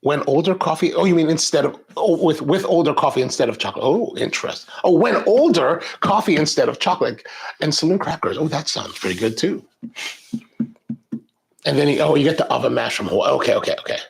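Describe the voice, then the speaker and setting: A middle-aged man hosting a coffee live stream, chatting in a rambling, animated way and reading viewer comments aloud. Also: fairly high pitch, quick pace, vocal fry, husky. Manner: rambling, animated, frequent restarts. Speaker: coffee show host.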